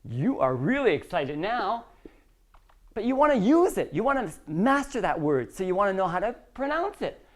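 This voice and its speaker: In this classroom lesson, a woman with a medium-pitched voice teaches English at a moderate pace. She acts out short dialogues, lively and full of emphasis.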